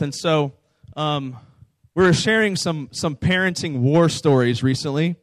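A man's voice: a little high, no room sound. A man preaching a sermon to a young audience in a conversational, informal way, often asking them questions. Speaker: preacher speaking to a youth camp audience.

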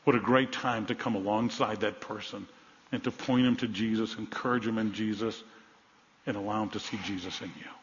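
A male pastor preaching a sermon, telling a story with animated emphasis and dropping to quiet, soft moments. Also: lowish voice, brisk, a little hiss or hum. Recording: dull sound in a large reverberant hall.

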